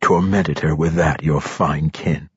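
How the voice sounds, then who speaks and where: A man gives voice to a hard, sardonic assassin in this audiobook. The voice sits deep and husky, each line clipped and dry. The recording is dull and lo-fi, with a close, dry sound. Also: fairly even intonation, a little slow, no room sound, exaggerated voice. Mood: grim. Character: grim, wry male assassin.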